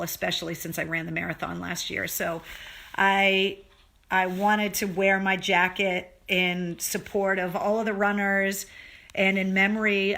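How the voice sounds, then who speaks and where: A woman talks straight to her viewers on a casual home livestream, earnest and openly emotional. Her voice is bright and forceful, and her sentences stop, restart and pick up salty language along the way. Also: fairly low pitch. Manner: earnest, emotional, swears freely, rambling restarts. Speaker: livestream show host.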